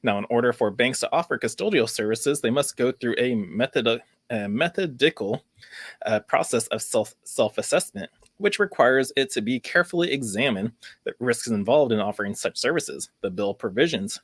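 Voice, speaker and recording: A man at an ordinary middle pitch hosts a casual crypto news vlog, reading from an article and stumbling over a word here and there. He mixes in sarcastic, uneasy commentary. The recording is dry and close, with no room echo. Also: lively intonation, moderate pace. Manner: sarcastic, worried, reads article aloud with stumbles. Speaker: crypto channel host.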